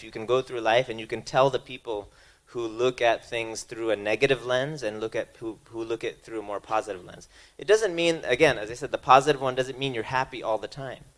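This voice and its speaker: A man's voice: mid-range voice, fairly bright tone. A man giving a spiritual lecture, speaking conversationally and telling stories, often restarting his phrases. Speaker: speaker at a religious talk.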